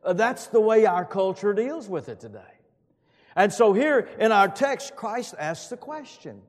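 A middle-aged man preaching a sermon, emphatic, with booming rises when he quotes scripture. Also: very animated, a little slow. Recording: long hall reverb.

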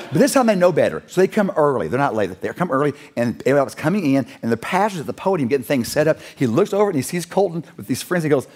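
Animated, husky-voiced male preacher. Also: a little high. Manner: animated storyteller acting out quoted voices. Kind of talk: storytelling sermon.

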